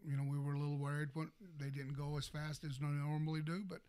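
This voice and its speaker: A man's voice: a little high, monotone, fast, a little mellow, smooth. A man in a casual radio interview as a city parks and recreation director, answering steadily with many hesitations.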